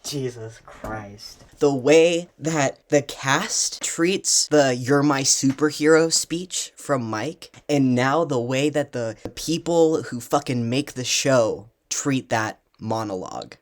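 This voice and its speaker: Home vlogger, fan analysis; passionate, profane, prone to loud excited rants. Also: medium pitch, slow pace, few pauses.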